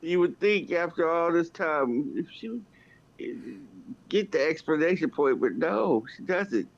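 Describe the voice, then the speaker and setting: A woman's voice: deep voice, animated, unhurried. A woman talking casually and venting, blunt and heavy on the profanity. The recording sounds dull and lo-fi. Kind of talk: casual chat.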